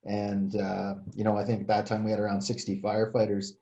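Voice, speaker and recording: Speaking fairly quickly in a completely flat, dark-toned voice of fairly low pitch, this older retired fire chief stumbles through a casual interview with many fillers and restarts. The audio is dull and lo-fi.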